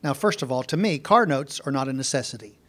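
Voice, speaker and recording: A man's voice: mid-range voice, animated, fast talker, a bit bright. A minister in his sixties telling folksy stories in a sermon, talking in a repetitive, emphatic way. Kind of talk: storytelling sermon.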